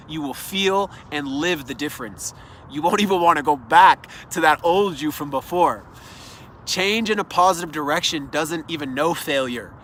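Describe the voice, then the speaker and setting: A man's voice: fairly high pitch, a bit bright, slight background noise. A man giving an earnest, encouraging motivational talk that speaks straight to the listener, recorded outdoors. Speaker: self-development speaker. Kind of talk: motivational monologue.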